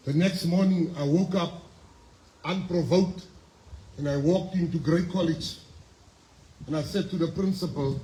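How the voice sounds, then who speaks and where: A South African man in his fifties giving a motivational speech at a school, telling his story emphatically, with repeated phrases and pauses. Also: a little high, warm tone. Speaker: guest speaker at a school. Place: school assembly hall. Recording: echoey hall with faint ambience.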